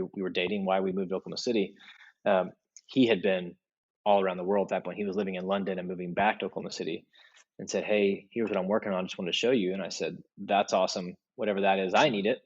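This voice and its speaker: A man's voice: deep voice, muffled recording. A middle-aged man, a podcast guest who speaks about leadership, telling stories in a casual interview and acting out the voices of people he quotes.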